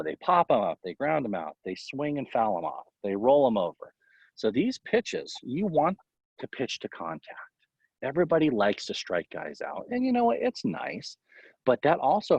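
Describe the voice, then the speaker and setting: A man who is a baseball coach, talking casually in an interview and giving tips in a rambling, animated way full of fillers. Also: mid-range voice, slightly rough, no room sound. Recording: dull, lo-fi, dry sound.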